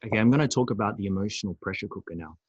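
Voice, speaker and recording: A man presenting a recorded webinar on emotions, animated and acting out angry outbursts. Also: on the low side, racing, husky, no room sound, muffled recording. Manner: animated, acts out angry voices.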